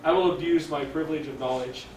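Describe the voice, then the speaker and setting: A man's voice: on the high side, fairly even intonation. Earnest man telling a story in an echoey church hall. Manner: earnest storyteller, drops to a hush for quoted speech; halting fillers and restarts. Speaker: chaplain. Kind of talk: storytelling talk to a church audience. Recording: echoey hall, distant mic, faint hiss.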